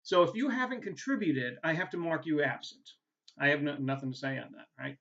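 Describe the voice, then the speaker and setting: Male instructor with a New England accent, somewhat high and bright voice, chatty and informal, dull lo-fi recording. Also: fairly quick, vocal fry. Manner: casual and chatty, tags points with "right?", many "uh" fillers. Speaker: college instructor. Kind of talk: recorded course welcome video.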